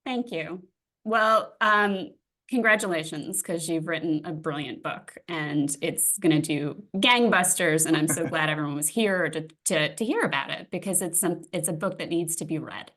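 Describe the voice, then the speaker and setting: A woman's voice: deep voice, normal speed, fairly bright tone. A woman interviewing an author in a friendly, casual way. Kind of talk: casual conversation.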